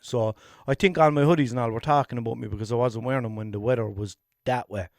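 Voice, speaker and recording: A man's voice: medium pitch, fast talker, no room sound, studio quality. A man with a Limerick Irish accent hosting a solo comedy podcast, rambling and self-mocking, swearing casually. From Ireland. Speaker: podcast host.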